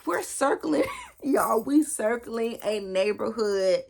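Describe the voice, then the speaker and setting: A woman's voice: fairly high pitch, slow pace, vocal fry, background noise. Slangy young woman telling a story. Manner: animated, slangy, addresses viewers as y'all. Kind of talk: casual storytime vlog.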